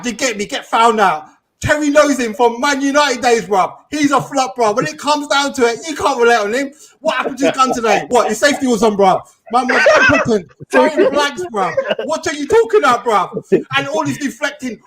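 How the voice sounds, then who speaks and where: A man calling in to a football fan show, mocking the host in rapid slang. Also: very high-pitched, a bit bright. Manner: mocking, rapid slang-heavy trash talk. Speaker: caller. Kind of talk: heated fan phone-in rant.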